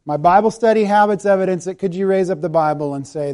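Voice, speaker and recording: A man preaching to his congregation in a mellow, warm tone that sits a little high for a man. He talks in an easy, conversational way and pokes fun at himself, then drops to a hushed, prayerful close. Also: fast talker. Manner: conversational, self-deprecating preaching that softens to a quiet prayerful close. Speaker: pastor. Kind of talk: sermon. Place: church sanctuary.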